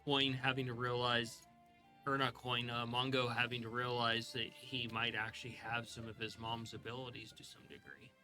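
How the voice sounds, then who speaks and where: Game master guy wrapping up the session, really sharp tense voice, lots of ums, faint music under it. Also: medium pitch, moderate pace. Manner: relaxed recap with many fillers.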